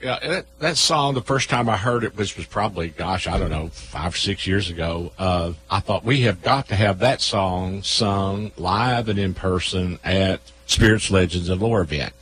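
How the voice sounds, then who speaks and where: A low-pitched man tells a local ghost tale on air in a radio studio. He talks haltingly, stopping often with filler pauses as he gathers his thoughts. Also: fairly bright tone, slight background noise, low-quality recording. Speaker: local folklore event organizer. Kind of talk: radio storytelling.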